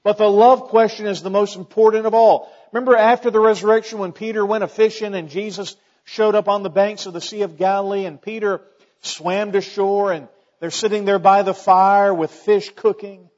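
A man's voice: sits high, steady tone, moderate pace, a little mellow, highs cut off. A middle-aged man preaching a sermon in a church, folksy in tone, building emphasis and quoting scripture. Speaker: pastor.

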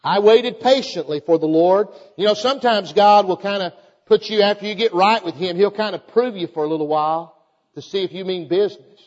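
An older man preaching a fervent sermon to a congregation, calling out to them and reading scripture aloud in a measured cadence. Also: high voice. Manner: fervent, exhorting preaching with rhetorical calls to the congregation. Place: church hall before a congregation. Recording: echoey hall, dull lo-fi sound.

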